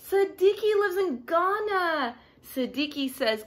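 A woman reading a picture book aloud to young children, sing-song and animated, gasping and asking her listeners questions. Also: very high-pitched, slow. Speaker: storybook reader for children.

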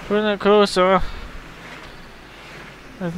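A man's voice: fairly high pitch, lively intonation, measured pace, fairly bright tone, a little hiss or hum. A young man casually commenting on a game he is playing into a headset mic, grumbling, swearing often and humming to himself. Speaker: gaming channel host. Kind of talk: casual let's-play commentary.

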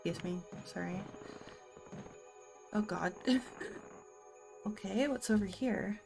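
A woman's voice: mid-range voice, takes it slowly, gravelly, music in the background. A woman giving casual let's-play commentary, talking to herself and letting out frightened yelps.

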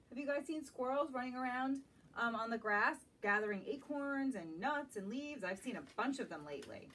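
A woman librarian reading a picture book aloud at a children's storytime, gentle and animated, stopping to ask the young listeners questions. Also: on the high side, moderate pace. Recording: distant mic with faint background noise.

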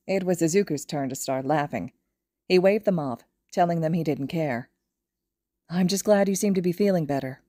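A woman narrating a fan fiction audiobook in a steady, even storytelling manner. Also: low voice, no room sound, clean studio sound. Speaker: podfic reader.

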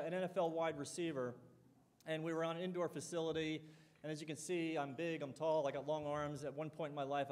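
In a lecture hall or dining hall with long reverb, a middle-aged college president speaks to an audience in a voice on the high side. His public speech is conversational and built on stories, with him acting out the dialogue in them.

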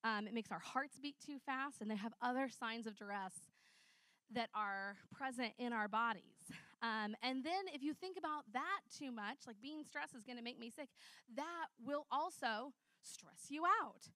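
A woman preacher with a fairly high voice tells stories in a loose, chatty sermon. She talks in an animated way and leans on lots of fillers. The sound is close and dry. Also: normal speed, dry recording. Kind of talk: conversational sermon with storytelling.

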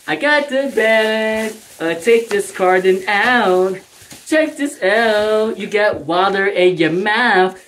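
A woman doing a slow, crooning dog rapper. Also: mid-range voice, lively intonation, fairly bright tone, a little hiss or hum. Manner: sing-song rapping, crooning with hums. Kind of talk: comedy pet voice-over. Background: backing music.

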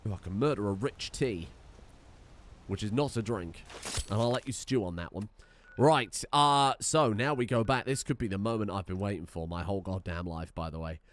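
A man's voice: on the low side, brisk, slight background noise. Rambling man streaming a game. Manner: rambling, jokey, swears freely. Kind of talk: casual gameplay commentary.

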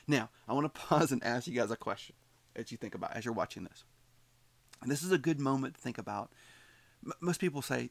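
A man's voice: mid-range voice, expressive, moderate pace, vocal fry, pauses often, no room sound. A man teaching a psychology class, talking conversationally and putting questions to his students. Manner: conversational, repeats himself, asks students questions. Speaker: psychology instructor. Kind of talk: recorded lecture commentary.

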